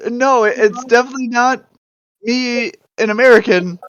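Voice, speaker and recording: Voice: medium pitch, extremely slow, clear, resonant tone, no room sound, highs cut off, pitched above the performer's own voice. A player voicing a nervous guard who bluffs in a put-on Canadian accent and rambles. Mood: flustered bluffing. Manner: flustered, rambling, with a tacked-on "eh".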